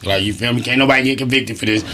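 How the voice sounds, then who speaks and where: A man's voice: medium pitch, racing, pushed and bright. A man, emphatic and laughing often in a casual podcast chat, swearing freely. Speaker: guest.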